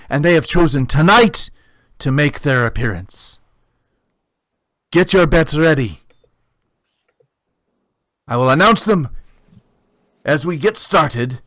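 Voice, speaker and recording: A man voicing a showy male fight-pit announcer with booming showman patter. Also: a bit bright, no room sound.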